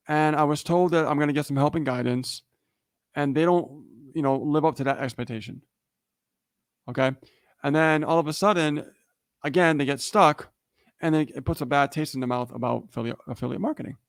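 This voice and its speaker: A man's voice: fairly high pitch, no room sound, studio quality. A man co-hosting a livestream, telling a story in a casual motivational way and often checking in with "okay?" and "right?". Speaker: livestream co-host.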